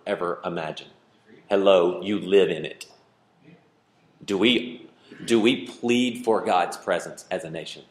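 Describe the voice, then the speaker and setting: A man preaching a sermon as pastor, animated and playful, with joking asides to his congregation. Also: low voice, roomy sound.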